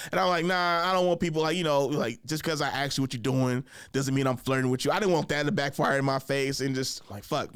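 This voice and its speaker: A man's voice: mid-range voice, a bit bright, clean tone, no echo, studio quality. A young adult man hosting his own podcast, telling loose, rambling stories full of fillers and laughing at himself. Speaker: podcast host. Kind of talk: casual storytelling monologue.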